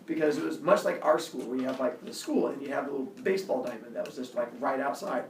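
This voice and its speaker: A man casually telling a personal story as a podcast host, animated, acting out quotes with loud jumps. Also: mid-range voice, quick pace, hardly any pauses, a little hiss or hum. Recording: echoey room, mic at a distance.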